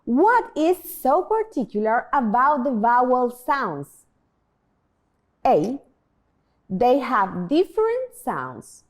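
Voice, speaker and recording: Woman teacher for a scripted beginner lesson; animated, clear, unhurried delivery. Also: on the high side. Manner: slow, clear modeling of pronunciation, prompting repetition. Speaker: language teacher.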